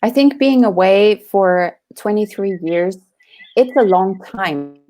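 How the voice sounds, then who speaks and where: Slow-speaking woman interviewer. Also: medium pitch, dark tone. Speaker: interview host. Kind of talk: casual interview chat.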